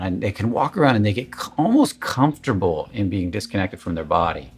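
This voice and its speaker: A man's voice: fairly low pitch, expressive, fairly quick, few pauses, breathy edge. A man giving a candid, emphatic coaching talk in a casual, conversational way, swearing at times. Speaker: confidence coach.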